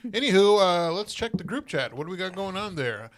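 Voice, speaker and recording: A man's voice: very animated, moderate pace. A man co-hosting a casual podcast, joking with friends and slipping into goofy bits. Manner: jokey, slips into a high old-timey announcer voice. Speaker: podcast co-host.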